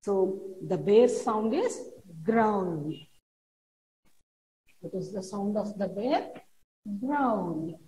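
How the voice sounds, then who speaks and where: A woman teaching a classroom lesson, reading a poem aloud and explaining each word slowly and repetitively to children. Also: medium pitch, animated, mellow, a little hiss or hum. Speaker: schoolteacher. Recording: roomy echo.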